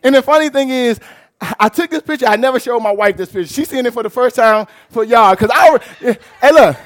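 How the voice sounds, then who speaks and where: A male pastor preaching a sermon in a church, telling a personal story with lively, rising delivery and shouts. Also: extremely high pitch, fairly quick. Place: church sanctuary.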